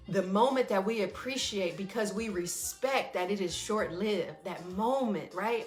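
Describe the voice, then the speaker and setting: A woman's voice: medium pitch, reverberant. A middle-aged woman hosting a casual spoken reflection and guided practice, often checking in with her listeners. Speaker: wellness teacher and host.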